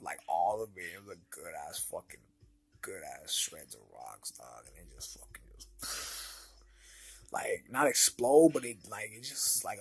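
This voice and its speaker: A man's voice: medium pitch, slightly rough. A man telling a personal story in a casual, profane, slang-heavy way. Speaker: vlogger.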